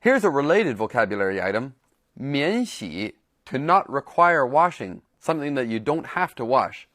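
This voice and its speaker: A man's voice: mid-range voice, big pitch swings, fairly bright tone, no room sound. Guy teaching a language lesson, bouncy intonation, repeats phrases, dry studio sound. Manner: explains slowly and repeats example phrases. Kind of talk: scripted lesson narration.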